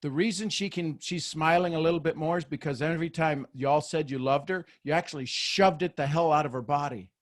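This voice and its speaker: A man, hosting a group video call as a mentor, animated and goofy, often repeating words as he talks. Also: a little high, a little fast, hardly any pauses.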